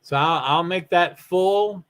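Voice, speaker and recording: A man's voice: high-pitched, slow, fairly bright tone, smooth. Tired, yawning man rambling on a livestream. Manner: rambling, self-interrupting with fillers. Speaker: live streamer. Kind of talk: casual solo livestream chat about racing.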